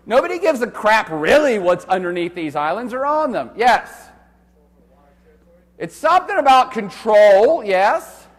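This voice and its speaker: A university lecturer giving a live classroom lecture, loud and animated, joking with students and swearing casually. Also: male voice, high-pitched, a little slow. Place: large lecture hall. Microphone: handheld microphone. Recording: reverberant lecture hall.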